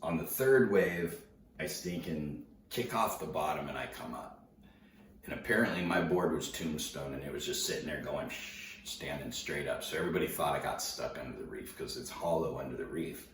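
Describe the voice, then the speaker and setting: A man casually telling a story to an audience, laid-back and slangy, animated as he recounts it. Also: rumbling low, normal speed. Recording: roomy, distant mic, faint noise.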